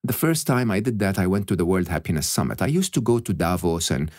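A man talking as a podcast guest, animated and emphatic, often checking in with "okay?" and "hmm?". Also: low-pitched, quick pace, no echo, clean studio sound. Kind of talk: reflective interview talk.

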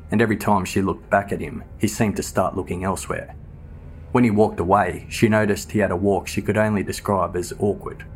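A man giving scripted true crime narration in a steady, measured storytelling manner. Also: low voice, a little hiss or hum. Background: faint background music.

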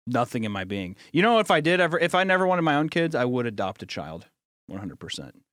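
A man's voice: mid-range voice, fast talker, no echo, studio quality. A young man co-hosting a casual podcast chat, rambling with lots of fillers and bursting into laughter. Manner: rambling, filler-heavy, animated laughing outbursts. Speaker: podcast co-host.

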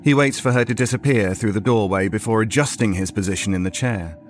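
A man narrating a horror story in a measured, storytelling way. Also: on the low side, faint music behind.

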